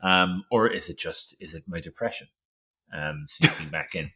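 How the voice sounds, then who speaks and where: A man hosting a podcast, talking in a quick, chatty, upbeat way. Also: low-pitched, bright, forceful tone. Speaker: podcast host. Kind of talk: casual chat.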